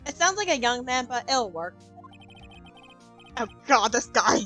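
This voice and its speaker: Casting: excitable young female let's-play host, high voice, jokey reactions, faint game music behind. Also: a little slow. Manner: excitable, jokey, bursts of loud laughter and exclamations. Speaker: gaming channel host.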